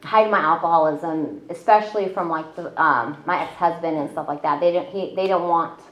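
A woman's voice: low voice, normal speed. Chatty woman telling her story. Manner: chatty, self-deprecating, many fillers. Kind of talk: casual personal storytelling. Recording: roomy, slightly dull audio.

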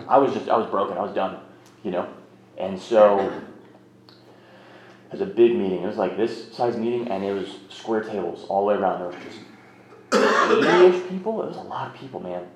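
A man's voice: fairly low pitch, moderate pace, a little mellow. Frank, rambling man in a roomy space. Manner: rambling, frank, self-mocking. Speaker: speaker sharing a recovery story. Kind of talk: candid personal storytelling. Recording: roomy, slightly muffled recording.

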